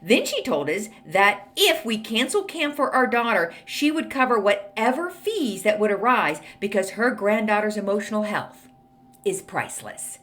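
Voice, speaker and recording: A woman's voice: medium pitch, big pitch swings, moderate pace, a bit bright. A middle-aged woman hosting an advice podcast, blunt, sassy and exasperated as she reads and answers a letter. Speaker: podcast host. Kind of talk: snarky advice podcast monologue.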